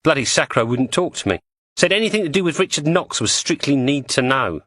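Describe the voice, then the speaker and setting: A man's voice: fairly high pitch, animated, a little fast, a bit bright, dry recording, clean studio sound, pitched above the performer's own voice. A man voicing a bossy, volatile woman crook with an Estuary English accent, breezy and mocking.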